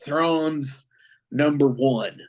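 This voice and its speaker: A man co-hosting a podcast, chatting casually with a profane, excitable fan's rambling. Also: on the high side, very slow. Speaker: podcast co-host. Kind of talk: casual chat.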